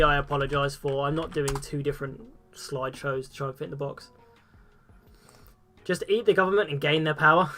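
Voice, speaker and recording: A young man chats through a live game stream, sounding casual and excitable and swearing freely. His voice sits a little high for a man, and faint game music plays behind him.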